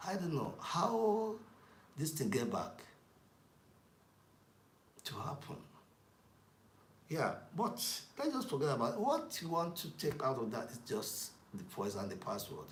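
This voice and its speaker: A man rambles through a casual talk, full of fillers and restarts. His pitch swings widely as he speaks. The recording is echoey, with a faint hiss underneath. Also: sing-song, unhurried, pauses often. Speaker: commentator. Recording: echoey room with faint noise.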